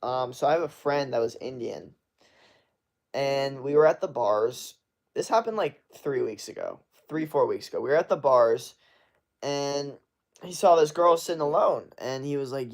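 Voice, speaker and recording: A man's voice: medium pitch, animated, normal speed, darkish tone. A young man on a casual live stream, handing out blunt, profane advice. He swears for emphasis and strings his sentences together with plenty of fillers. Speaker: streamer answering chat.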